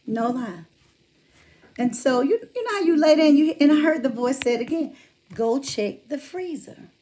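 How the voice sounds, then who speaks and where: A woman's voice: sits high, expressive, fairly quick, dark tone. A woman chatting casually on a livestream, greeting viewers by name and talking about her faith. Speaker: livestream host.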